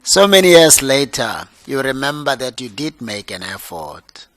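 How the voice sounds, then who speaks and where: Man chairing a panel interview, formal and polite, mid pitch, dry sound. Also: very animated, unhurried, a bit bright, dry recording. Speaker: commission chair.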